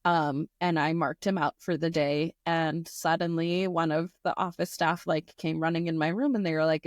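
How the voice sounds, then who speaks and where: A teacher who co-hosts a podcast chats casually, spinning an animated classroom story packed with "like" and other fillers. Her voice is low and her pace moderate, with hardly any pauses. The recording is dry and clean, with studio sound.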